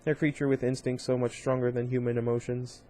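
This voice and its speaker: A man's voice: mid-range voice, level tone, a little fast, warm tone, a little hiss or hum. Man casually reading a novel aloud. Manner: informal, with slips, restarts and brief asides. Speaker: reader.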